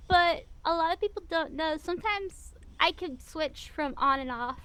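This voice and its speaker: A woman with a Missouri accent talks as an interview guest in a chatty, rambling way. Her voice sits fairly high, and she sounds animated. The sound is dry and close, with no room echo. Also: normal speed. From US Midwest. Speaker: guest VTuber. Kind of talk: casual interview chat.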